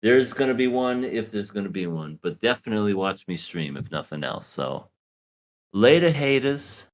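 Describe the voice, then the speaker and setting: Low-voiced joking podcast co-host man. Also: very animated, normal speed. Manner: joking, rambling, laughs often. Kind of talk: casual chat.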